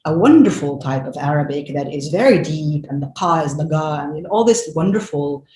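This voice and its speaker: Animated low-voiced woman in an echoey room. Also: brisk. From Lebanon. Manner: animated, emphatic, many fillers and restarts. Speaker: filmmaker guest. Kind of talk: conversational interview. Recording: echoey room with faint noise.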